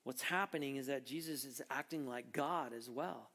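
A man's voice: mid-range voice, moderate pace, a bit bright, long reverb tail. A man preaching a sermon as pastor, conversational and then rising to emphatic questions.

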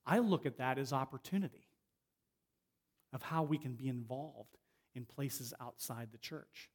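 Speaking as a visiting preacher, a middle-aged man gives a sermon in a casual way. He frequently starts phrases over and slows down for emphasis, in a medium-pitched voice.

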